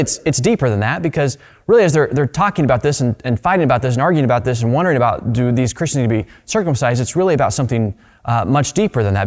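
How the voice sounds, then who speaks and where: A man's voice: mid-range voice, a little mellow. A man preaching a sermon as pastor, in a conversational way that restarts and repeats words often. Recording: long hall reverb.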